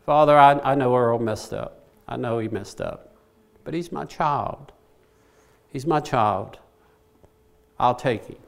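A preacher voicing a gentle pleading Jesus. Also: male voice, mid-range voice, slow pace, pauses often. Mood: tender.

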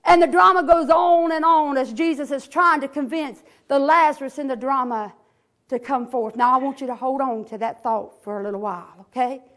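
A woman's voice: sits high, moderate pace, a bit bright. A woman preaching a sermon in church, praying fervently with repeated invocations and retelling a Bible story. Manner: fervent, repetitive invocations, rising to hollering in retold scenes.

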